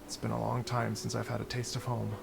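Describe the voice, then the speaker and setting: A gravelly-voiced courteous musician. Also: male voice, medium pitch, monotone, fast, loud music behind the voice. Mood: storytelling. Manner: soft-spoken, storytelling. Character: gentle, courteous traveling male musician.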